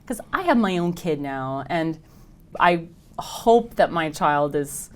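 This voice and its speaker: A woman with a notably low voice speaks earnestly and softly about her convention experiences. Faint noise sits behind her. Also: lively intonation, slow. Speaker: actor at conventions. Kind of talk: reflective interview talk.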